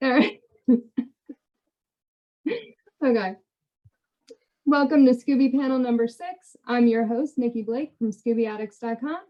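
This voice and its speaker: A woman's voice: on the high side, fairly even intonation, measured pace, pauses often, a little mellow, muffled recording. A woman host opening a video panel, polite and giggly, on a video call.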